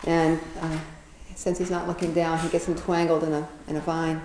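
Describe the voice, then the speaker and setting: A woman's voice: sits low, completely flat delivery, moderate pace, darkish tone, roomy sound, a little hiss or hum, rough recording. A woman casually retelling a children's fable, chatty, often laughing, with many fillers and restarts. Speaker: storyteller.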